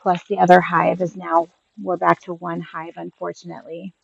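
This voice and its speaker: A woman in her thirties chatting casually to camera on her homestead vlog, unhurried and dropping in frequent ums, recorded on a built-in camera mic. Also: lowish voice, completely flat delivery, gravelly, breathy edge, no room sound, dull audio. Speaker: homestead vlogger. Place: rural homestead. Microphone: built-in camera mic, no external mic.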